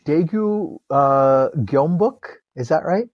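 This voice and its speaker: A podcast co-host chatting casually, animated and quick to laugh. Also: male voice, a little high, no echo, highs cut off. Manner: animated, laughs often, excitable. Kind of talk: casual chat.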